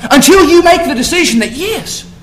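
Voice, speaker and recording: A man preaching a sermon in church, fervent, swinging from low, intense talk to shouted exclamations. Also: expressive, normal speed, slight background noise, rough recording.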